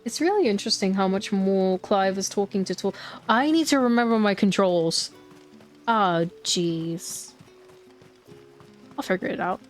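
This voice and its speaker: A woman's voice: medium pitch, animated, unhurried, long pauses, soft background music. A woman streamer giving casual, playful commentary while she plays, chatting to herself and laughing easily.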